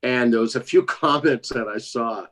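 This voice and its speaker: A man chatting casually on a livestream, laughing often and jumping up high when he quotes others. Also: normal speed, a bit bright.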